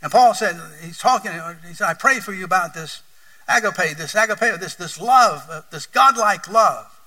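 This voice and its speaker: East Tennessee preacher, bright and distant. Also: male voice, high-pitched, animated, moderate pace. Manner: earnest storytelling preacher, swells and drops in volume. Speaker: pastor. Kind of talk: sermon.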